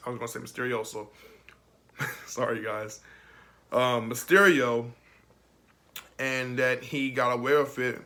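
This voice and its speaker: Young male reviewer, bright tone, loose chatty delivery with frequent laughs. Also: medium pitch, fairly even intonation, a little slow, pauses often. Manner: rambling and emotional, laughs often. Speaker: film reviewer. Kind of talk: casual video review.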